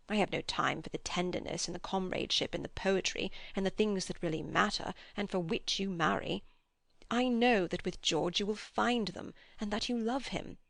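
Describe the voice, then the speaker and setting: A woman's voice: mid-range voice, creaky, dry recording, clean studio sound. A woman voicing an earnest, passionate old man who pleads and preaches. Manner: impassioned, preaching.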